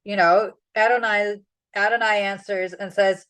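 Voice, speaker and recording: A woman's voice: medium pitch, unhurried, rough recording. A woman leading a casual Bible study, chatty and full of fillers. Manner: chatty, with many "like"s and "um"s.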